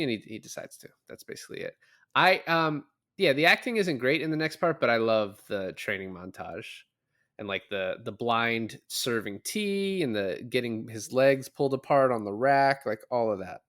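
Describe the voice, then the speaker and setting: A man's voice: mid-range voice, lively intonation, normal speed, a bit bright. Laid-back man swearing through a movie recap. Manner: loose, profane, laughs often while recapping. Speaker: podcast co-host. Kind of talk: casual movie-review chat.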